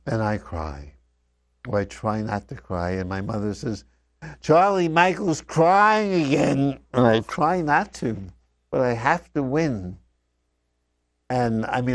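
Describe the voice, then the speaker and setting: An older man speaks unhurriedly, telling memories as if to his father. His voice sits at an ordinary middle pitch and often falls quiet at the ends of thoughts. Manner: slow, reflective, often dropping softly. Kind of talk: personal storytelling addressed to his father. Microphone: wired microphone.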